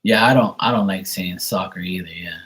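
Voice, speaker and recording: A man's voice: low voice, a little fast, a bit bright, breathy edge. A Bermudian man in his thirties chatting casually and rambling on a live stream, with some swearing.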